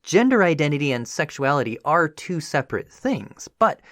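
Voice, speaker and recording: A man with a slightly high voice narrates a history podcast at a moderate pace, recorded dry and studio-quality. He sounds conversational and animated, regularly slipping in "you know" asides.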